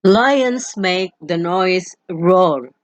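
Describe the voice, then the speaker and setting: Slow, lively woman teacher. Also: dry recording. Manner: slow and deliberate, imitates animal calls in high squeaks. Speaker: language teacher. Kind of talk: bilingual vocabulary lesson.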